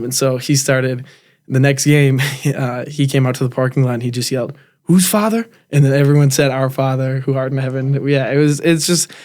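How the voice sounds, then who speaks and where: Young male guest, casual, monotone-ish, frequent ums and restarts. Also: mid-range voice. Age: young adult. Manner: relaxed, many fillers and restarts. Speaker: guest, college football player. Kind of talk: casual interview talk.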